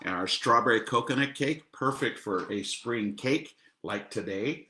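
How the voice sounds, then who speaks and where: Chatty, jokey man with a bright voice. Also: medium pitch, lively intonation, normal speed, few pauses, reverberant, a little hiss or hum. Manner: chatty and jokey, laughs often at his own puns. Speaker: restaurant owner promoting the menu. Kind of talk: casual chat.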